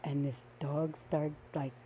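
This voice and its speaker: A woman's voice: low voice, little pitch movement, takes it slowly, warm tone, a little hiss or hum. An older woman from the Northwest Territories of Canada, casually telling a personal story and laughing often as she goes. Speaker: storyteller guest.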